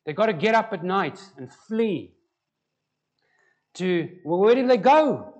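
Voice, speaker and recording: A man's voice: high-pitched, very animated, takes it slowly, muffled recording. A man preaching a conversational sermon and putting questions to the congregation. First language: Afrikaans. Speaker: pastor.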